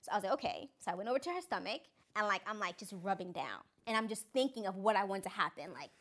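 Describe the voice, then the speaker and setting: A woman's voice: medium pitch, quick pace. A young adult woman, a guest author, telling stories in a casual chat and acting out what other people said. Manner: animated, acts out other people's lines. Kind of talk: casual storytelling.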